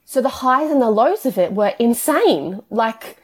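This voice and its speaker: A woman's voice: a little high, lively intonation, measured pace, husky. A woman, telling her story as an interview guest in long, tumbling run-on sentences full of "like". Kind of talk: emotional personal interview.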